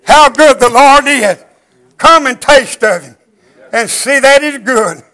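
An older man preaching a chanted sermon in a rhythmic, drawn-out cadence, out of breath and wheezy. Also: very high-pitched, bright, forceful tone, low-quality recording.

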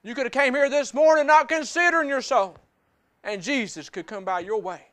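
A man's voice: very high voice, a little fast, a bit bright. A man preaching a sermon in church, mixing personal testimony with scripture in plainspoken, folksy speech that repeats phrases for emphasis. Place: church service.

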